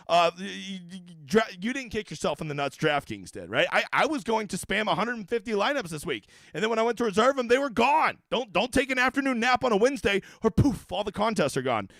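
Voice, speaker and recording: A man's voice: high voice, very animated, quick pace, gravelly, a bit bright, no room sound. A man hosting a fantasy golf livestream in a casual, profane, ranting way, with brash jokes aimed at his viewers. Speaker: daily fantasy golf streamer.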